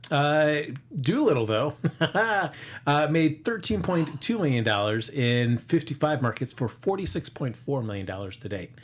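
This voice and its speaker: A slightly high, animated male voice hosts a casual box office chat at a measured pace. He meanders through the numbers, peppering them with fillers and jokes.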